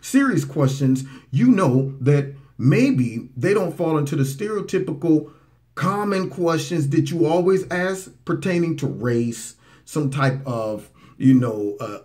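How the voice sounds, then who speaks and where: A man's voice: fairly high pitch, unhurried. A man hosting a talk radio commentary show, mocking and reacting to played clips. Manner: animated, mocking, talks over clips. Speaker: political commentary host.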